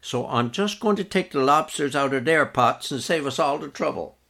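A man plays a cheeky Newfoundland fisherman, raised in pitch and bright with mischief. He jokes in broad local dialect. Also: animated, moderate pace, creaky, full character voice. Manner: joking, folksy dialect. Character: teasing male Newfoundland fisherman, cheeky flirt.

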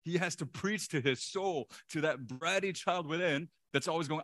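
A male pastor preaching a sermon in an animated way, chuckling often and repeating words for emphasis. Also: fairly high pitch, moderate pace, hardly any pauses, dry recording, clean studio sound.

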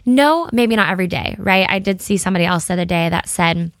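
A woman's voice: on the low side, quick pace, no room sound. Chatty woman, dry close sound. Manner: chatty, candid, with many fillers and self-quotes. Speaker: podcast host and blogger. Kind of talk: casual solo chat.

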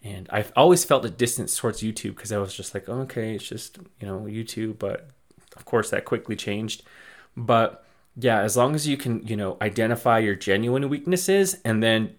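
Rambling, encouraging man, low voice. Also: normal speed. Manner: rambling, encouraging, many fillers. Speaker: podcast host. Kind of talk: casual motivational talk.

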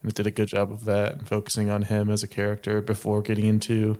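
A man's voice: fairly low pitch, monotone, fast, mellow. A young man co-hosting a review podcast, laid-back and matter-of-fact. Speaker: podcast co-host. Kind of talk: casual review chat.

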